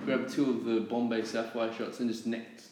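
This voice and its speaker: A man's voice: mid-range voice, flat delivery, normal speed, darkish tone. An Australian man telling a story in casual chat, rambling with lots of fillers and laughing asides. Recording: roomy echoey room.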